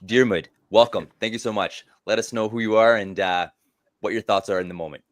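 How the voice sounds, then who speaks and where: A man's voice: lowish voice, steady tone, fairly quick, dry recording. A man hosting a panel discussion, welcoming each guest with effusive enthusiasm. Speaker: host.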